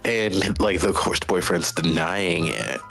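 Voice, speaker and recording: A man's voice: low-pitched, steady tone, unhurried, fairly bright tone, rough recording. A man hosting a stream, telling a long story in casual, profane, rambling chat. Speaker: streamer host.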